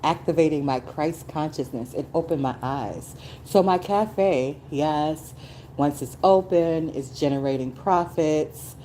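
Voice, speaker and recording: A middle-aged woman hosting a casual solo podcast, talking emphatically and swinging from low asides to high exclamations. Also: warm tone, a little hiss or hum, poor audio. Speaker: podcast host.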